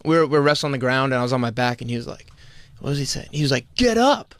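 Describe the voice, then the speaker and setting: A man, a guest on a podcast, telling fight stories casually, fast and full of likes and restarts. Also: mid-range voice, fairly even intonation, dry recording. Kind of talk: casual storytelling.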